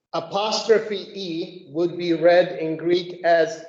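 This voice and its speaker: A woman leading a group Bible study, explaining slowly and methodically and often checking in with "okay?". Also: on the low side, fairly even intonation, a little mellow. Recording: echoey room, dull lo-fi sound.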